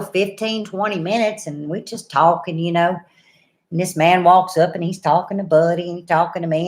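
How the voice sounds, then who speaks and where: Older woman host, chatty, folksy storyteller talking straight to viewers at a mid pitch. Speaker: homesteading channel host. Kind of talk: casual chat and storytelling to viewers.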